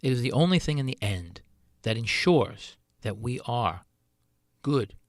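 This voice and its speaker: A man's voice: medium pitch, lively intonation, a little slow, dry recording. Middle-aged guy chef doing a solo podcast rant, earnest, voice swings up and down a lot, dry close mic. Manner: earnest, rhetorical questions.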